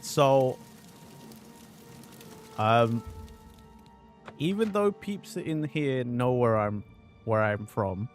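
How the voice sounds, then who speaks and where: A man's voice: medium pitch, extremely slow, pauses often, soft background music. A man from London with a mild, mixed British accent, chatting casually and swearing while streaming a game. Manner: chatty, swears often, rambling. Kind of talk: casual gaming commentary.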